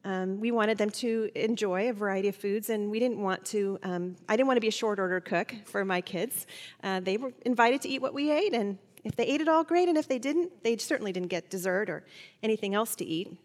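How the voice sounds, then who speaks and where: A woman's voice: medium pitch, fairly quick, in a large hall. Middle-aged woman teaching Bible study. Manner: warm personal storytelling with fillers and restarts.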